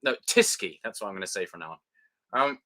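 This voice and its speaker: A British man hosting a casual live review chat, excitable and sweary, with plenty of fillers. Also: on the low side, fast talker. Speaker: show host.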